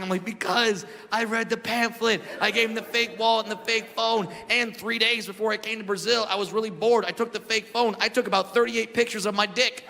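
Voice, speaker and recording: A man doing a stand-up comedy set, shouting punchlines and acting out the characters in his stories. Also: high-pitched, a little fast, gravelly, few pauses. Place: comedy stage before a live audience. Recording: live hall with crowd laughter and noise.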